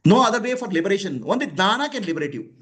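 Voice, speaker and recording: A man's voice: high voice, sing-song, very fast, a bit bright. A man giving a spiritual discourse to students, emphatic and questioning, chuckling often. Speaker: spiritual teacher.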